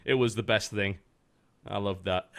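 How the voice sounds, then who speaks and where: A man's voice: on the low side, fairly even intonation, normal speed, a bit bright. Dry-humored man telling a story. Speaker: podcast host. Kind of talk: casual podcast chat.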